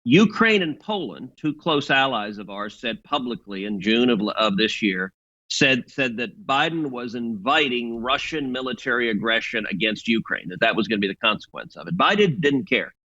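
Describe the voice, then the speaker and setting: A man's voice: medium pitch, lively intonation, moderate pace, sharp tone, muffled recording. A man giving assertive political commentary, arguing his point and repeating words as he starts sentences.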